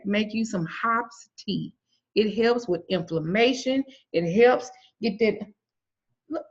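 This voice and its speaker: An herbal and spiritual teacher with a mid-range, slightly bright voice leads a casual online herb class. She's blunt, bawdy, and profane, cracking jokes while spelling herb names out letter by letter. The audio is muffled and lo-fi.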